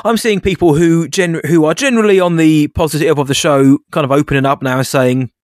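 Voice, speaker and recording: A man co-hosting a casual podcast, talking in a measured, even-handed way. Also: on the high side, no echo, studio quality. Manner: measured, even-handed, calls his co-host mate. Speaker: podcast co-host.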